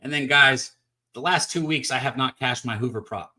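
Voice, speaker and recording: Bright-voiced chatty sports host man. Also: medium pitch, normal speed. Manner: upbeat, chatty, talks straight to viewers. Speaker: sports betting show host. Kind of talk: casual live-stream sports talk.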